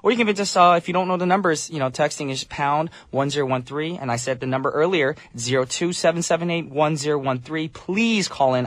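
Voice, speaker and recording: A man's voice: on the high side, fairly bright tone, no room sound. Male radio DJ, thirties, upbeat and jokey, close studio mic with no room sound. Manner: upbeat, joking, reads listener messages. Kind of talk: casual radio DJ chat.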